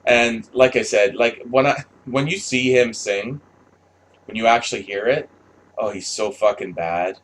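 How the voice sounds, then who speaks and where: A man's voice: mid-range voice, a little slow, fairly bright tone. Blunt, profane man ranting to camera. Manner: blunt, profane, rambling with restarts. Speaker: commentator. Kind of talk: unscripted monologue.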